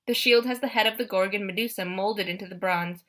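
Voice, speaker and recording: A woman narrates a first-person adventure audiobook with a bright, clear tone. She reads briskly and expressively, with energy in the telling. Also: mid-range voice.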